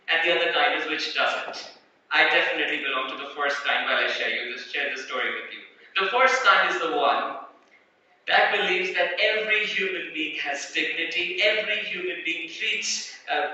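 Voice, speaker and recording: A man's voice: fairly high pitch, bright, forceful tone, slight background noise. Earnest man speaking in a hall. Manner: earnest, rhetorical questions. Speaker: conference speaker. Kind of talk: inspirational public talk. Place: large hall on stage. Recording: echoey hall from far off, dull.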